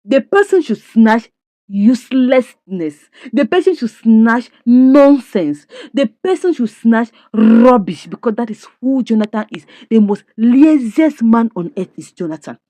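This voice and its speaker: A woman voicing a fed-up wife who slowly and emphatically denounces her husband. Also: a little high, lively intonation, warm tone, no room sound. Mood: scornful. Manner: slow, emphatic, indignant.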